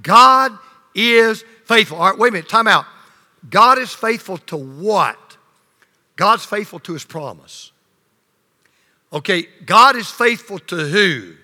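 A male pastor preaching a sermon, swinging between loud emphasis and hushed low lines, leading the congregation in call and response. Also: expressive, measured pace, long pauses. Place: church sanctuary. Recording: long reverb of a large hall.

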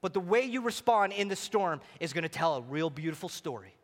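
A man preaching a sermon as pastor, swinging between near-shouted exclamations and quiet, hushed passages. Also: on the high side, animated, brisk, long reverb tail.

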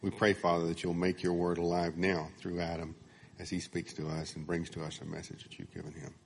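A man's voice: deep voice, monotone, brisk, creaky, slight background noise. A man at church introducing the guest speaker and leading an opening prayer. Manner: upbeat introduction, then earnest prayer. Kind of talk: announcement and prayer.

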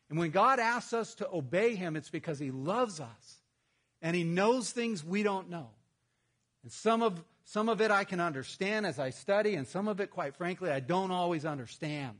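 Husky-voiced man preaching conversationally. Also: fairly high pitch. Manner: conversational, humorous storytelling with lively outbursts. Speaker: pastor. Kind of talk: sermon.

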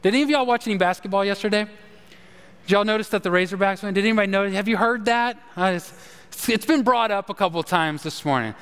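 A man's voice: sits high, quick pace, fairly bright tone, smooth, big-room sound. A man preaching a sermon with emphasis, asking his congregation questions. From Texas. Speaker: pastor.

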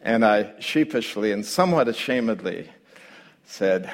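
A middle-aged man, a pastor, telling a story in a sermon with lively delivery that climbs and grows louder when he relives his own panic. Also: mid-range voice, normal speed. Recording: long hall reverb.

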